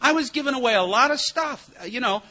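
A middle-aged man who speaks at recovery meetings and sponsors others gives a personal talk about his own drinking. He talks fast in a very high-pitched, expressive voice that sounds pushed and bright. Wry self-mockery and punchlines run through it, sponsor-style.

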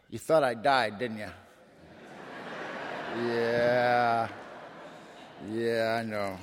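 A man tells his recovery story in a dramatic, folksy, emphatic way. He has an average pitch for a man. His voice carries through a meeting hall with long reverb. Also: steady tone, drawn-out words, pauses often, background noise. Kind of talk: personal testimony storytelling.

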